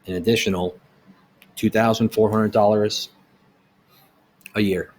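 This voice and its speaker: A man's voice: on the low side, little pitch movement, measured pace, darkish tone. A middle-aged man who owns a small business, delivering a blunt, heated opinion rant with rhetorical questions.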